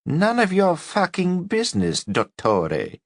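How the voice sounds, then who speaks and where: A man voicing a cackling, foul-mouthed, imperious old woman, sharp and mocking, pitched high. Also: sing-song, moderate pace, creaky, no echo, studio quality, full character voice. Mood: scornful.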